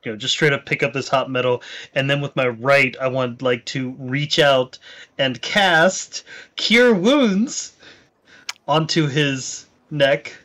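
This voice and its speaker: A man playing his character in a tabletop game, talking in a measured, hesitant way with fillers. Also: medium pitch, flat delivery, fairly bright tone. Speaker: player. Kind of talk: in-character tabletop role-play.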